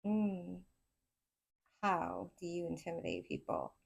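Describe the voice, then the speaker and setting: A woman with a Southern accent giving a casual pick-a-card tarot reading, excitable and rambling as she talks to her viewers. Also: lowish voice, takes it slowly, gravelly, slightly rough. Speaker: tarot reader.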